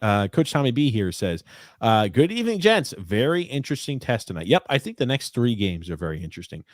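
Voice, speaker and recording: A man's voice: on the low side, expressive, brisk, no echo, clean studio sound. A young man co-hosting a casual sports podcast, reading ads and comments in a rambling, joking way with many fillers. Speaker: podcast co-host.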